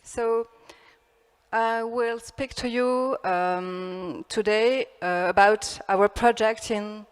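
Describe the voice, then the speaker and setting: A French woman speaking English with a French accent, giving a conference talk in a halting way with many fillers and restarts. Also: mid-range voice, clean tone. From France. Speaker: architect giving a festival talk. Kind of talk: conference presentation. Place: large hall. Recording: long hall reverb.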